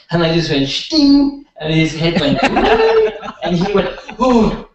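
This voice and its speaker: A man's voice: a little high, wildly swooping pitch, slow pace, background noise. A man telling rambling stories in casual conversation, with many restarts, as a guest healer. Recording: roomy dull sound from far off.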